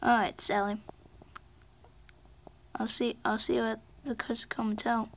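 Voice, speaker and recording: A woman's voice: a little high, flat delivery, unhurried, sharp tone, a little hiss or hum. A woman voicing an eager young male race car in a toy play-acted story, talking with stumbling repeats. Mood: cheerful.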